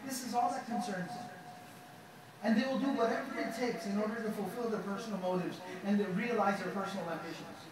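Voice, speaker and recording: Fast-talking preacher man in an echoey hall. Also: high-pitched, background noise. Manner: dramatizing quotes with lively retellings; recites Quranic verses in Arabic. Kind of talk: sermon. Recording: very echoey hall, mic far off.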